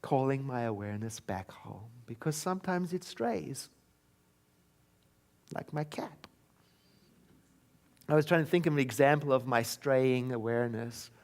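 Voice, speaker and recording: A man from South Africa preaching in a church, with a voice of middle pitch. He tells a personal story in a relaxed, conversational way. At times he slows down and drops into quiet, repeated affirmations. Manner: warm conversational storytelling that turns into slow, soft chanted affirmations. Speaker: minister. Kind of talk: sermon with storytelling. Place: church sanctuary.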